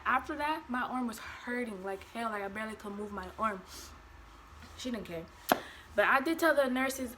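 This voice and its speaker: A young woman vlogger telling a personal story in an animated, blunt way, swearing freely. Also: fairly high pitch, a little hiss or hum. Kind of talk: storytime vlog.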